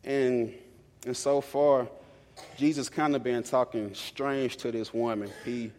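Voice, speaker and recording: A young man delivers a sermon in a loose, conversational storytelling voice, often repeating key lines for emphasis. His pitch sits in the middle of the usual range for men. The sound rings out with the long reverb of a large church hall. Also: steady tone, slow pace, darkish tone. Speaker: preacher.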